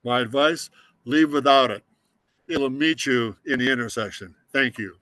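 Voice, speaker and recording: An older man from Scotland giving an emotional, earnest inspirational talk as a guest speaker, slowing down for emphasis. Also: mid-range voice, pushed and bright, dry recording, poor audio. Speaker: guest speaker, automotive designer.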